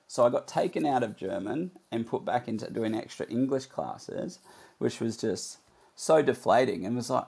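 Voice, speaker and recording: Husky, gravelly male host. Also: medium pitch, animated, moderate pace, darkish tone. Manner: reflective, personal storytelling. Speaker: podcast host. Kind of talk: podcast conversation.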